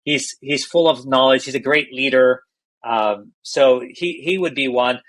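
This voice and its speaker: A man's voice: mid-range voice, unhurried, fairly bright tone, poor audio. A middle-aged man, a healthcare executive, candidly telling stories in a podcast interview and often restarting his phrases.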